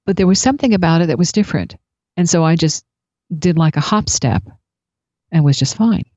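A woman telling a personal story in a reflective, unhurried way. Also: deep voice, expressive, darkish tone, dry recording. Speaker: speaker sharing spiritual experiences. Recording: dull lo-fi recording.

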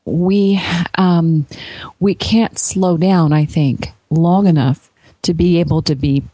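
Woman, interviewer, hesitant and effusive, lowish voice, dry close recording. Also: fairly even intonation, slow pace, dark tone, dry recording. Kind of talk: conversational interview.

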